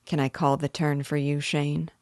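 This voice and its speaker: A woman's voice: low voice, level tone, normal speed, darkish tone, no room sound, clean studio sound. A woman reading the part of a stern male homesteader who speaks curtly and firmly. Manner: curt, firm. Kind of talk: reading a novel aloud.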